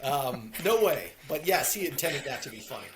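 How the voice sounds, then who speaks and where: Animated man chatting from a plane. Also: medium pitch, normal speed, a little hiss or hum. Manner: animated, acts out quotes loudly. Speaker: podcast co-host. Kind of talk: casual movie chat. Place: airplane cabin. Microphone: earbuds.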